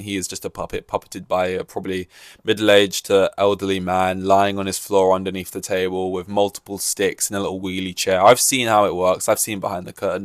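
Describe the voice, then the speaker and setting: A man's voice: on the low side, a bit bright, no room sound, clean studio sound. Rambling man podcasting solo. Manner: rambling, jokey, acts out quoted voices. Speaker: podcast host.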